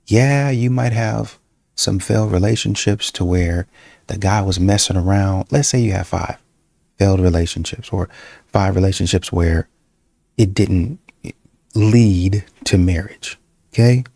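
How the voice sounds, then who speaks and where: A man's voice: low-pitched, measured pace, creaky, warm tone, no room sound. A man giving blunt, preachy relationship advice straight to his viewers in a casual monologue. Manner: preachy, direct, addresses viewers as y'all. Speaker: dating commentary host.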